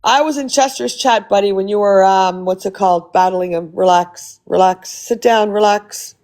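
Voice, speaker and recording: A woman hosting a livestream who argues bluntly and insistently. Her voice sits at an ordinary middle pitch. She thanks viewers between points. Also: moderate pace, a little mellow. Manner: blunt, argumentative. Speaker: livestream host. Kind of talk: livestream chat and argument.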